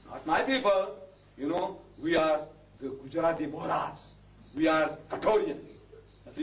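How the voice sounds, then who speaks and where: A man's voice: a little high, moderate pace. An older man, lecturing an audience as a Muslim preacher, impassioned and rising to indignant outbursts. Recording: echoey hall, distant mic, faint noise.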